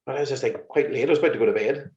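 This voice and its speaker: A man's voice: medium pitch, rapid-fire. A man, a musician guest on an interview, telling exasperated stories in casual chat. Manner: lively, exasperated anecdotes with laughs. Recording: roomy, slightly muffled recording.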